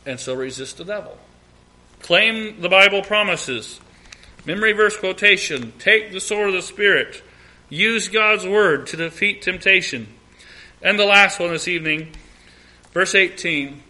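Bright, high-voiced man teaching Bible study. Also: expressive, measured pace. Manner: earnest, repeats key phrases, acts out prayers.

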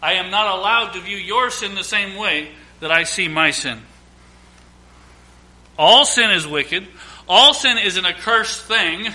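Preaching at a measured pace, a pastor in his thirties with a high, very bright voice stresses lists and repetitions, then lowers himself to quiet asides.

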